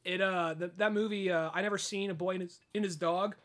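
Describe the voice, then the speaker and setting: A young podcast co-host with a high, bright voice. He stumbles over his words, corrects himself, and slips in crude jokes in a relaxed chat. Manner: halting, self-correcting, mumbles asides, cracks crude jokes. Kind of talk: casual chat.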